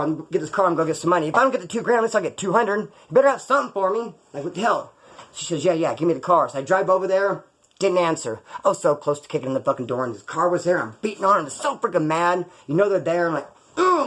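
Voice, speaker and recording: A man's voice: fairly high pitch, a bit bright. A middle-aged man telling rambling, profane, jokey stories about his past, straight to camera. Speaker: ex-prisoner storyteller. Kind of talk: casual storytelling to camera.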